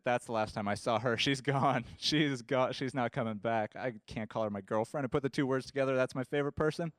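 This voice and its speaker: A man's voice: medium pitch, smooth, no room sound. A man performing a rambling, self-deprecating stand-up comedy set on a club stage.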